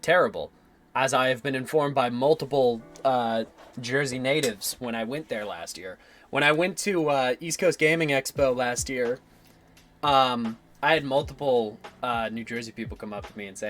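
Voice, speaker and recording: A man's voice: medium pitch, moderate pace, fairly bright tone, soft background music. Laughing, rambling young man streaming. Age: 20s. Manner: laughs often, swears casually, rambling. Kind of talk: casual stream chat.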